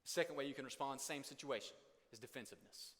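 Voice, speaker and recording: A man's voice: mid-range voice, fairly bright tone. Young guy preaching to a room, chatty, jumps into little argument skits, big hall echo. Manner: conversational preaching, acts out couples' arguments in quick bursts. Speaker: pastor. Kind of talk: sermon. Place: church hall. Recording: long hall reverb.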